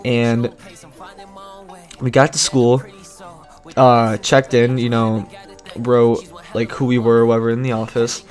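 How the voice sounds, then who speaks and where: A man's voice: medium pitch, monotone, takes it slowly, long pauses, a little mellow, soft background music. A young man vlogging a casual storytime, rambling and cutting himself off, laughing often.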